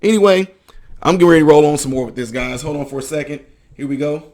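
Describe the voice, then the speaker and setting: A man's voice: a little high, fast, darkish tone. A man hosting a commentary video, talking emphatically, acting out quotes and checking that listeners follow him. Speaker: ministry counselor.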